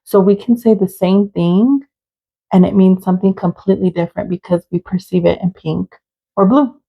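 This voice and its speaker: A woman's voice: mid-range voice, steady tone, normal speed, vocal fry, warm tone, slightly rough, rough recording. A young adult woman hosting her own podcast, talking earnestly and openly in a personal monologue with many "like" fillers. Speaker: podcast host.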